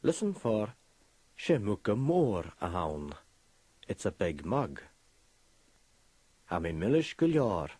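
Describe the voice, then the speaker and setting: A man presenting a language course in scripted lesson narration, with a slow, careful teaching delivery. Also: lowish voice, big pitch swings, mellow, husky, no room sound.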